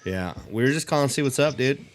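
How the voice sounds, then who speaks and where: A man's voice: mid-range voice, expressive, fast. A young man co-hosting a podcast, bantering with friends in a casual, profane, laughing way. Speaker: podcast co-host. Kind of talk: casual chat.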